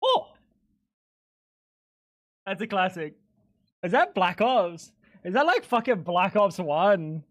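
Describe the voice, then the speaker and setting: A young man chatting casually on a live stream, animated, swearing and laughing a lot. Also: sits high, takes it slowly, pauses often, dry recording.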